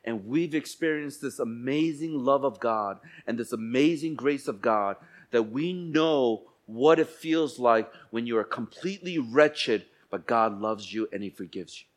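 This is a male pastor with a mid-range voice giving a sermon at church. Soft, slow stretches alternate with loud eruptions, and he dramatizes the voices of those he quotes.

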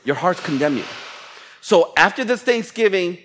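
A man's voice: high-pitched, expressive, moderate pace, a bit bright, slight background noise. Man preaching in a playful, chatty way. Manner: conversational, playful preaching with acted-out inner voices. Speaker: pastor. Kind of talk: sermon.

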